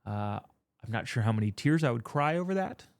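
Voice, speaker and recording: A man's voice: mid-range voice, animated, fairly quick, vocal fry, no echo, clean studio sound. A man giving casual commentary on news, rambling and going off on tangents. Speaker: political commentator.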